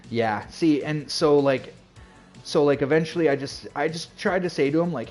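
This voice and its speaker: A man's voice: a little high, normal speed, darkish tone, faint music behind. Rambling man streamer chatting casually. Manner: rambling, filler-heavy, acts out quoted dialogue. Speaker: game streamer. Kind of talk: casual chat storytelling to stream chat.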